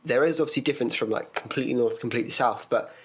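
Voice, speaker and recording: A man's voice: medium pitch, racing, a bit bright, husky. A man co-hosting a casual podcast chat, asking curious questions and chipping in with short remarks. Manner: chatty, curious, asks questions and chips in. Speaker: podcast co-host.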